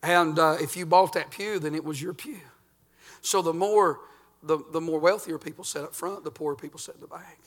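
An older man, a pastor preaching a folksy sermon that swings between loud and quiet. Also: on the high side, steady tone, brisk.

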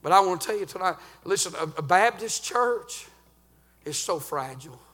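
A man preaching a sermon as pastor, swinging from sung, shouted climaxes down to low, hushed warnings. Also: expressive, moderate pace. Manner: fervent preaching, rising to chanted shouts then dropping low.

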